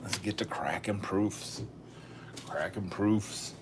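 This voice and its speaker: A man's voice: low voice, slow, background noise. A man hosting a casual live stream, chatting and thinking aloud as he sorts coins, often correcting himself. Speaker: coin collecting channel host.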